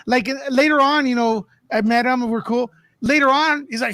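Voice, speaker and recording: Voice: sits high, moderate pace, hardly any pauses, sharp tone, dry recording. A co-host telling a story in a casual, easygoing way. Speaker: podcast co-host.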